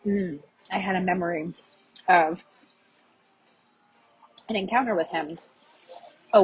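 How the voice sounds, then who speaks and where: A woman hosting a podcast, telling a confessional story in a halting way, with frequent fillers and restarts, while chewing a peppermint. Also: on the low side, a little hiss or hum, poor audio. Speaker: podcast host. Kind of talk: confessional monologue.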